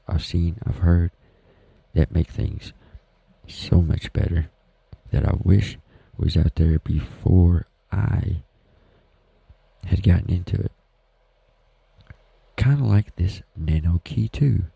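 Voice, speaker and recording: A man's voice: low voice, vocal fry, slightly rough, no room sound, lo-fi sound. A man with a Southern US accent hosting a podcast, talking in a rambling, folksy, self-deprecating way. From Southern United States. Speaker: podcast host. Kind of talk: casual solo podcast talk. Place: home.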